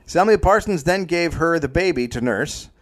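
A man hosting a comedy podcast, narrating a historical story in a deadpan way, with jokey asides. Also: on the high side, moderate pace, a little hiss or hum.

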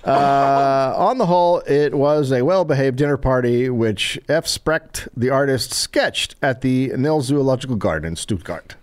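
A man's voice: mid-range voice, measured pace, hardly any pauses, clear, resonant tone. A man hosting a podcast, reading an old newspaper aloud and breaking off for wry remarks. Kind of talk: reading aloud with comedic asides.

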